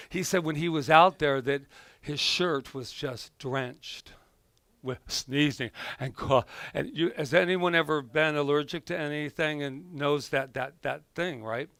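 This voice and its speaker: Guy minister chatting thru a sunday sermon, kinda high voice, dry close sound. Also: fairly bright tone, no room sound. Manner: conversational storytelling, self-correcting. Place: church sanctuary.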